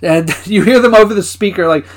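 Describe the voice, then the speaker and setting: A man's voice: high voice, fairly quick. A man co-hosting a podcast who casually recaps episodes, laughing often and swearing now and then. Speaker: podcast co-host.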